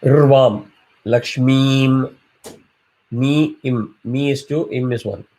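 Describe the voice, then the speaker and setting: In this online class, a man leads a chanting lesson, stretching out syllables as examples and explaining with patience. His voice is warm, medium in pitch, and a touch slow.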